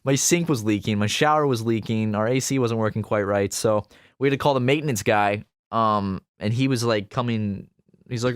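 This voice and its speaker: A man's voice: fairly low pitch, normal speed, clean tone, dry recording, clean studio sound. A man co-hosting a casual podcast, telling a rambling personal anecdote with plenty of fillers. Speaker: podcast co-host.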